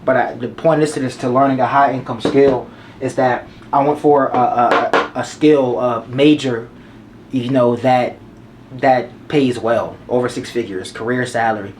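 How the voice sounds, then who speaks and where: A man's voice: mid-range voice, a little hiss or hum. Casual young man giving slangy advice. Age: 20s. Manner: casual slangy, repeats points for emphasis.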